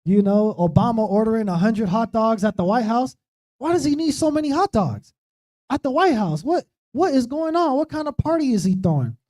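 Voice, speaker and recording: His voice is very high, animated and warm, and he moves at a brisk clip. Leading an informal Bible study on a streamed church talk show, this preacher chats casually and keeps asking "right?".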